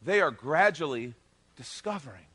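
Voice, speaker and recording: A male pastor turns his sermon into lively storytelling, acting out dialogue and joking with the congregation. His husky voice sits high and swings widely in pitch, with a bright, forward tone and a moderate pace.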